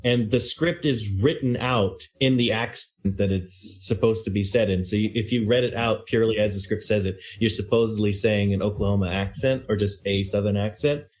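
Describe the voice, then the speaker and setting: A man's voice: on the low side, normal speed, few pauses, darkish tone. A man in a casual podcast chat, thinking aloud and rambling with lots of fillers. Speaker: actual-play podcast cast member.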